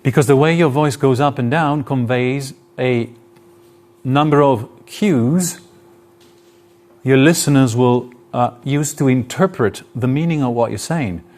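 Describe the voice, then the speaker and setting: A man's voice: mid-range voice, measured pace, a little mellow. A man lecturing to an audience in a hall, explaining his points with spoken examples and shifts in intonation. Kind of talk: live lecture.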